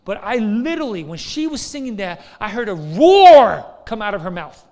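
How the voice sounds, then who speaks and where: A man's voice: sits high, sing-song, moderate pace, a little mellow. A man preaching a sermon in a conversational, storytelling way, often checking in with the listeners. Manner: conversational, storytelling, frequent "right?". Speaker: pastor. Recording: long hall reverb.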